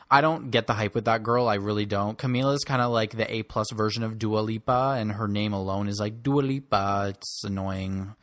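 A man's voice: fairly low pitch, moderate pace, hardly any pauses, dry recording, clean studio sound. A young man giving blunt, snarky opinions on pop music as host of a solo commentary show. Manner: snarky and blunt, rants about artists.

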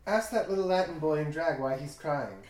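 A man's voice: on the high side, a little fast, darkish tone. A man co-hosting a podcast, chatting casually and recapping a TV episode in a rambling way full of "like". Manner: rambling, filler-heavy, full of "like". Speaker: podcast co-host. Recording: echoey room.

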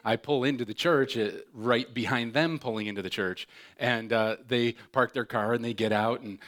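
A man in middle age delivering a sermon from the pulpit, his voice sitting in an ordinary middle pitch. He tells playful, jokey stories and jumps into quick impressions of the people in them, keeping things lively and conversational. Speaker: pastor. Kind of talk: sermon with comic storytelling.

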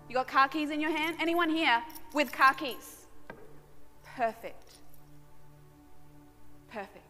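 A woman's voice: high voice, slow pace, pauses often, bright, forceful tone. A woman pastor preaching a sermon with passion and emphasis, repeating key lines. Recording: reverberant hall with music behind.

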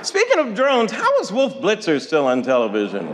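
A man doing quick comedy jokes, punching each line, with a mock voice at the end. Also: high-pitched, huge pitch swings, heavy background noise. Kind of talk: comedic monologue clip. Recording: long hall reverb.

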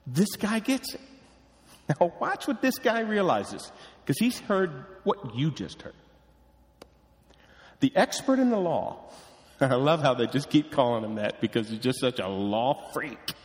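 A man preaching a sermon as pastor, animated and acting out the people he quotes. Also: medium pitch, unhurried, big-room sound. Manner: animated, acts out quoted voices.

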